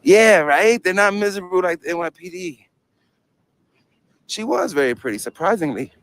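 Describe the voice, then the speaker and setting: This young First Amendment auditor, New York accent and all, banters with the camera and police outside on a city street, slangy, joking, and swearing without restraint. His voice is high, animated, and a bit bright, at a normal pace.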